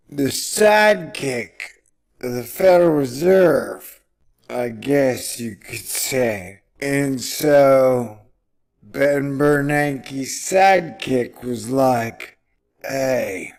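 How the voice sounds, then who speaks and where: A man giving rambling, playful solo commentary on economics, with drawn-out phrasing and sudden excited outbursts. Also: mid-range voice, gravelly.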